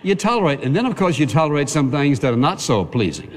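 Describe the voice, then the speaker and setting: A man's voice: on the high side, big pitch swings, fast talker, in a large hall, a little hiss or hum. A man preaching a sermon in a conversational style, calling on the congregation to answer amen.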